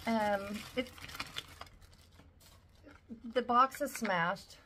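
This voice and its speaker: A woman's voice: mid-range voice, drawn-out words, bright, forceful tone, slight background noise. A woman in her forties chatting casually at home as she unboxes a shopping haul, gushing over each item. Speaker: vlogger.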